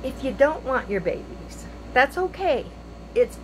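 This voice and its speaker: A woman's voice: high-pitched, sing-song, a little slow, background noise. Impassioned older woman, pleading and repetitive. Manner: impassioned, pleading, repeats phrases. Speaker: vlogger. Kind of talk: emotional opinion monologue to camera.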